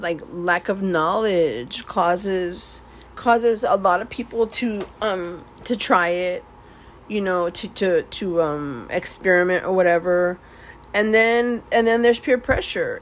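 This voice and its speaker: A woman's voice: mid-range voice, slight background noise, low-quality recording. A middle-aged woman talking candidly to her viewers, rambling and restarting often with laughs between thoughts. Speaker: beauty vlogger swatching nail products. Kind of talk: casual confessional chat.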